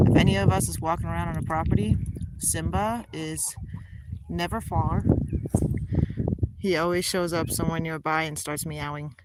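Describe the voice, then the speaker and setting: A woman keeping pet geese, talking casually to the camera as she walks a pond shore, and breaking into high sing-song baby talk for her animals. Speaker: goose keeper and video host. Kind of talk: casual vlog narration while walking outdoors. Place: outdoors by a rural pond. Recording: loud outdoor noise around the phone.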